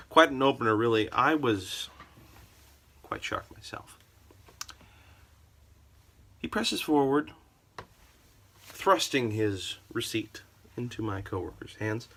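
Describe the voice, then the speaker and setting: A man's voice: lowish voice, pushed and bright. A man telling a comic story about a customer in a sarcastic, theatrical way. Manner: theatrical, sarcastic, wildly varied delivery.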